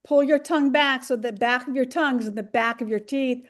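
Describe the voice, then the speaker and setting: A woman tutor gives practical tips over a video call during a casual group discussion. Her voice is on the higher side, and her manner is plainly explanatory. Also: fairly quick. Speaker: volunteer literacy tutor.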